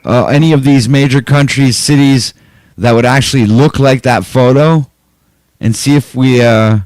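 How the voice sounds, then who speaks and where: A man's voice: mid-range voice, fairly even intonation, moderate pace, a little mellow, no room sound. A man hosting a live stream, talking in a rambling, hesitant way. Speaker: livestream host. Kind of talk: casual live-stream chat.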